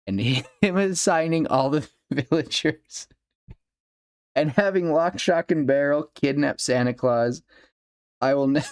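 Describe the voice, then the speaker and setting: A young man hosts a casual solo podcast, gushing and rambling happily about a favourite film and laughing as he goes. His fairly high voice is smooth and unhurried, captured in studio quality with no room sound.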